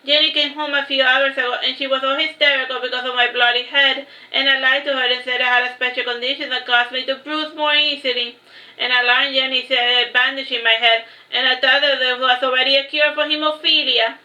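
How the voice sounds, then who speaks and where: A woman reading her own first-person story aloud, in a steady read-aloud manner with occasional slips. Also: sits high, a little fast. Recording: echoey room, slightly dull lo-fi sound.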